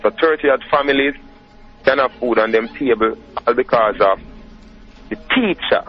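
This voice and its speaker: A man's voice: medium pitch, normal speed. Laid-back Jamaican man on lo-fi radio. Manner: laid-back, says "you know what I mean" a lot. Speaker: dancehall artist guest. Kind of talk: casual radio interview. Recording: dull lo-fi radio recording.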